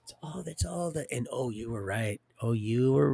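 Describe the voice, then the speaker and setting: A man's voice: medium pitch, expressive, normal speed, creaky, few pauses, dark tone, husky, dry recording. A man hosting a livestream, rambling and preachy, talking straight to his viewers. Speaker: livestream host.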